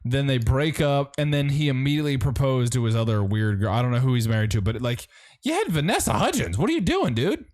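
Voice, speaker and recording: A young man co-hosting a movie podcast in a casual, blunt way. He jokes crudely and talks plainly. His voice sits at an ordinary middle pitch. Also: big pitch swings, fairly quick, darkish tone. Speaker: podcast co-host. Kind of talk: casual movie review chat.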